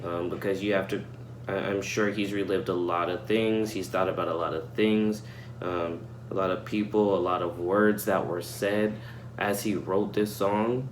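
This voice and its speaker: Young guy reacting to a track, deep flat voice, stumbles and repeats words, roomy echo. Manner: halting, earnest, repeats words while searching for them. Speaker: reaction video host. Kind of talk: reflective casual commentary. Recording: echoey room with faint hum.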